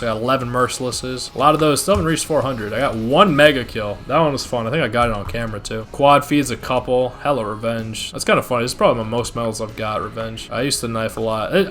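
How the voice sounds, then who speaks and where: A man's voice: medium pitch, a bit bright. A man rambling casually as a gaming video creator, swearing when frustrated.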